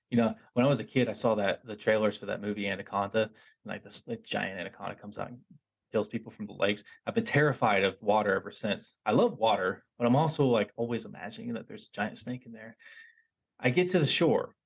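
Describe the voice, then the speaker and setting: A young man hosting a podcast, telling a story in a casual, animated, rambling way and poking fun at himself. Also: on the low side, vocal fry, slightly rough. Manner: animated, rambling, self-mocking, with frequent restarts. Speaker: podcast host.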